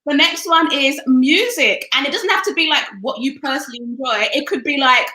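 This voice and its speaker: Upbeat woman host, high bright voice, teasing, roomy echo. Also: brisk. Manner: upbeat, teasing, laughs often. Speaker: interview host. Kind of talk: casual interview chat.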